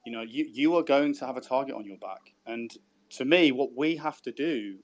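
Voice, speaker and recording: This is a man co-hosting a relaxed podcast conversation. He talks in an animated way, swears freely and restarts his phrases. His pitch sits in the ordinary middle range for a man. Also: normal speed. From Birmingham, England. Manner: animated, swears casually, repeats words when starting a sentence. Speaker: podcast co-host. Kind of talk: casual podcast chat.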